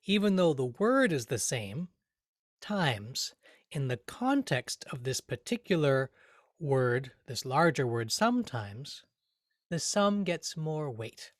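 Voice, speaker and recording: Slow, deliberate man explaining grammar. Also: a little high, no echo, clean studio sound. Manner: slow, careful, deliberate delivery with spoken rhythm examples. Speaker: grammar teacher.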